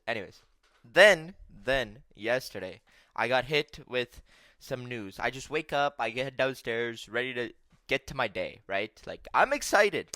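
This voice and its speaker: A young man telling stories on his vlog in a casual, profane, animated rant. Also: mid-range voice, unhurried, dry recording. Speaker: vlogger.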